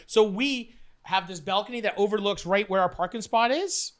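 A man's voice: high voice, moderate pace, fairly bright tone. A man telling a long, profane story in casual chat, acting out the quotes along the way. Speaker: storyteller guest. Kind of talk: casual storytelling while playing cards.

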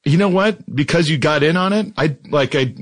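A man's voice: a little high, fairly quick. A man as a guest in casual chat, defending himself sheepishly and hedging his story.

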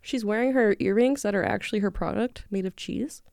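A woman co-hosting a casual comedy podcast, easygoing and quick to laugh. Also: mid-range voice, gravelly, darkish tone, dry recording, clean studio sound. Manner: giggly, easygoing.

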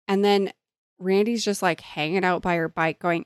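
A woman's voice: mid-range voice, very animated, moderate pace, dry recording, clean studio sound. A woman in casual chat about a book, retelling scenes and quoting the characters. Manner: chatty, laughs easily, quotes characters. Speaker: co-host discussing a book. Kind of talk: casual chat recapping a plot.

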